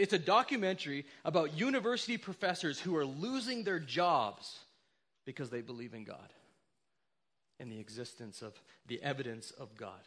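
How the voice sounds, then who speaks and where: Male pastor, sermon delivery, emphatic and rhetorical, a touch high-pitched. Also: fairly bright tone. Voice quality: emphatic, rhetorical, repeated "right?".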